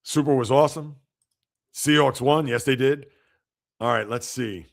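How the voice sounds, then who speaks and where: A man hosting a live sports podcast, reacting to news and reading out viewer comments in an animated, chatty way. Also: mid-range voice, measured pace. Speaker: podcast host.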